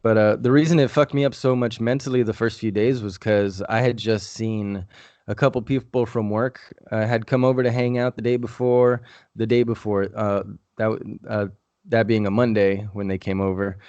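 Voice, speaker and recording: A man's voice: fairly low pitch, fairly even intonation, normal speed, darkish tone, dry recording, highs cut off. A man in his thirties chatting casually on a podcast, rambling through a personal story with restarts and swearing. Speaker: podcast regular.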